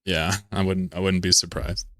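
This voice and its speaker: A man from the American South talks casually to his chat while playing a game. His voice is fairly low and his talk rambles, offhand and peppered with swearing, over a faint hiss. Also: flat delivery, moderate pace, pushed and bright. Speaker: game streamer. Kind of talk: casual live-stream chat over gameplay.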